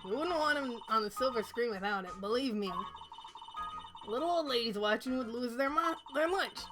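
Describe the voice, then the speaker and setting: A woman's voice: on the high side, animated, normal speed, noisy background, lightly acted. Woman doing a cranky old New York lady. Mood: reminiscing. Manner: gruff, scolding. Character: cranky nosy old woman security guard.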